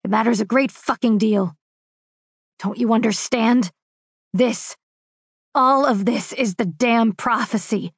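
A woman voicing a forceful eldest brother in an audiobook, stern and urgent. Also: on the high side, takes it slowly, pauses often, breathy edge, dry recording, studio quality, pitched above the performer's own voice, full character voice. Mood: stern urgency.

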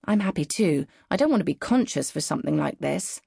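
A woman's voice: low-pitched, lively intonation, fairly quick, gravelly, hardly any pauses, warm tone, slightly rough, no echo. A woman reading a novel in the first person, frank and wry, on a close studio mic. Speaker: audiobook narrator. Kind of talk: first-person audiobook narration.

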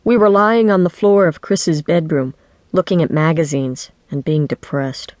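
A woman narrating a children's book in the first person, with lively, wry storytelling. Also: sits low, moderate pace, no echo. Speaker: audiobook narrator. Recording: dry studio audiobook.

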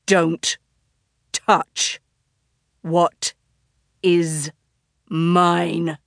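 A deep, smoky-voiced man who speaks slowly and with cold menace , put on by a woman narrator. Every line is low and possessive. The audiobook sound is dry and intimate. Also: flat delivery, gravelly, a bit bright, dry recording, heavily acted. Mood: menacing.

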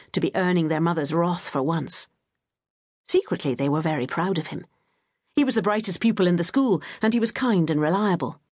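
An audiobook narrator with a fairly low-pitched voice reads scripted narration in a gentle, measured storytelling manner. The recording is dry, with clean studio sound.

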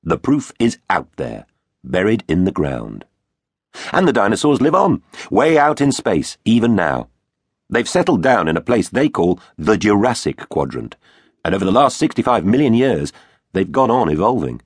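Deep, animated male narrator for a kids' adventure story, playful and theatrical, dry close studio sound. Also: normal speed, breathy edge, no room sound. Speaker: audiobook narrator. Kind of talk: children's audiobook narration.

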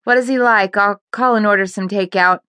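A woman's voice: medium pitch, a little fast, bright, forceful tone, smooth, no echo, natural voice. A woman voicing a tired single mother in her forties, dry and mildly exasperated, in an audiobook.

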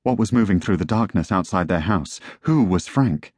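Lively low-voiced male audiobook narrator. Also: moderate pace, no room sound, studio quality. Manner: tense, dramatic storytelling. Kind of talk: scripted narration.

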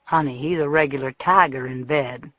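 A woman's voice: a bass voice, normal speed, dry recording, phone-quality sound, voice pushed down. Brief: woman narrator as a flirty, brash small-town gossip, phone-thin and dry. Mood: gossipy.

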